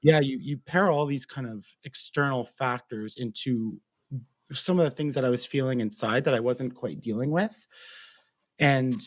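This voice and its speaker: A man's voice: medium pitch, normal speed, dry recording. A young man with a Canadian accent, earnestly telling his personal story as an interview guest, talking freely with many fillers. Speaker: guest, mental health advocate.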